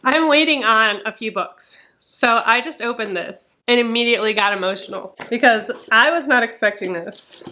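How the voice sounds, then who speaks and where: A woman's voice: fairly high pitch, moderate pace, few pauses, bright, forceful tone, a little hiss or hum. A young woman vlogging casual book reviews, chatty and swearing freely, her talk full of "like".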